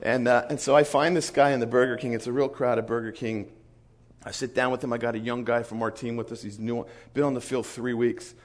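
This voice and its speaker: A man giving a storytelling sermon as a missionary speaker, animated and acting out the voices of people in his stories. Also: medium pitch, fairly quick. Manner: animated, acts out quoted voices. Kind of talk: storytelling sermon to a conference crowd.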